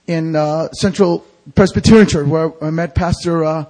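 A male pastor preaching an evangelical sermon in a church sanctuary. He quizzes the congregation with fill-in-the-blank questions and swings from hushed to shouted. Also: fairly high pitch, fairly even intonation, normal speed, rough recording.

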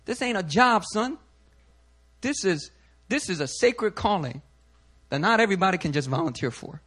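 A man's voice: high voice, animated, normal speed, a bit bright, breathy edge, heavily acted. A man putting on the voice of God as a blunt, impatient deity who scolds in casual slang. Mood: stern.

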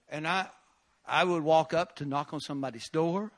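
A man's voice: fairly high pitch, moderate pace, bright, forceful tone. A man preaching at a prayer meeting, telling a personal testimony with bursts of emotion and laughter. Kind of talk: sermon testimony.

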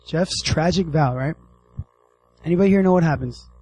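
A man's voice: a little high, moderate pace, breathy edge, low-quality recording. A man giving a casual sermon as a youth pastor, joking and calling out to his listeners. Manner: animated, joking, addresses the audience directly.

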